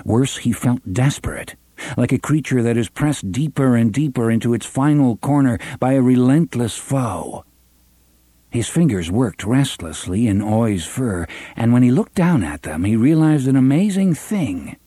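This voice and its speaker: A man narrating an audiobook with an expressive, varied delivery, close to the mic. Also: medium pitch, unhurried, breathy edge, no echo. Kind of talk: scripted narration.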